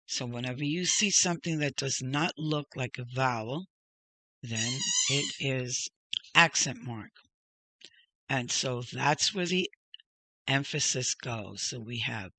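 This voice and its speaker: A man's voice: medium pitch, pushed and bright, no room sound. A man teaching a reading lesson, patiently sounding out each syllable and pointing things out step by step. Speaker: Hebrew teacher. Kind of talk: slow spoken lesson.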